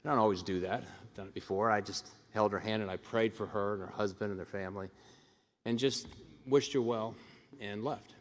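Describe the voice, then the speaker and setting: In a large ceremony hall with long reverb, a middle-aged hospital administrator gives a commencement speech. He talks fairly quickly in a lowish voice, telling stories animatedly, acting out the voices of the people in them, and restarting often.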